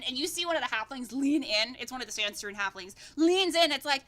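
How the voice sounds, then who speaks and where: A woman running a tabletop game, talking in a loose, rambling style with plenty of swearing. Her voice sits high and sounds bright and sharp. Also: lively intonation, fairly quick, few pauses. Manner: casual, rambling, swears freely. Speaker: game master.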